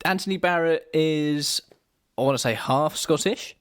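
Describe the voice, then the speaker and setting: A man co-hosting a podcast in casual chat, lively and quick to laugh. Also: a little high, clean tone. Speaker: podcast co-host.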